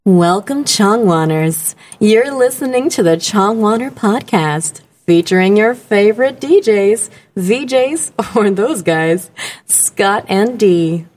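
A woman's voice: medium pitch, lively intonation, a little mellow. A woman reading a scripted podcast introduction in a playful announcer manner. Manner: slow, drawn-out announcing.

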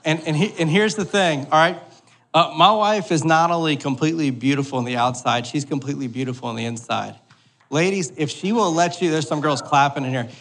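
In a church hall, a male pastor in his thirties delivers a sermon in a brisk, fairly high, fairly bright voice. He jokes, keeps it conversational, and keeps checking in with the congregation by asking "all right?"

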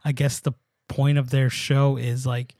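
A man's voice: mid-range voice, flat delivery, measured pace, mellow, no room sound, studio quality. A young man co-hosting a casual podcast chat, rambling with lots of fillers and swearing. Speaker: podcast co-host.

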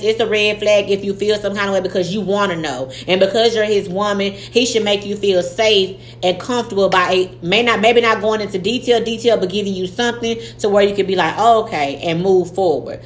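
A woman co-hosting a podcast, giving blunt, slangy advice in casual chat. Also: medium pitch. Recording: echoey room with faint noise.

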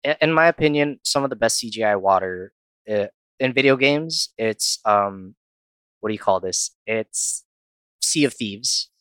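A young man with a low-set voice talks loosely in a casual chat, laughing easily and trailing into asides. The sound is dry and close, with no room around it. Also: lively intonation, unhurried, fairly bright tone, clear, resonant tone, dry recording. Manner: chatty, laughs often, jokey put-on voices.

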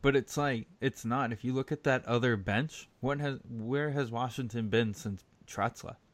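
A man in casual sports chat, telling stories with quick asides. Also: medium pitch.

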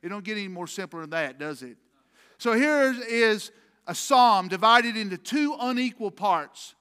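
A male pastor preaching a sermon emphatically, swinging between loud, forceful lines and hushed ones. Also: high-pitched, lively intonation, moderate pace, smooth. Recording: long hall reverb.

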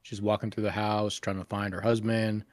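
A man's voice: on the low side, level tone, moderate pace, no echo. A man co-hosting a casual podcast, retelling scenes in a crude, rambling way full of swearing. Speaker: podcast co-host.

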